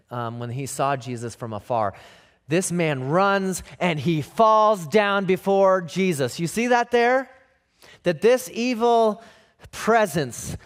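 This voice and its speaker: Man, pastor, sermon, emphatic, rhetorical questions, somewhat high voice. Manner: emphatic preaching with rhetorical questions and repeated phrases.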